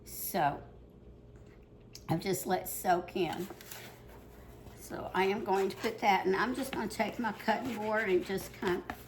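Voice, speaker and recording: A woman's voice: mid-range voice, unhurried, pauses often, slight background noise. An older woman from the Ozarks, rambling through a casual cooking demonstration in her home kitchen while out of breath. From Ozarks, Missouri. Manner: rambling, chatty, many fillers.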